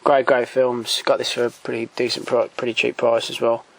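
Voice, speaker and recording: A man's voice: mid-range voice, flat delivery, normal speed, slight background noise, rough recording. Man rambling about his film shelf. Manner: hesitant, many ums and restarts, enthusiastic recommendations. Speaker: collector showing DVDs. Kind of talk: casual off-the-cuff commentary. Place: home room by a shelf.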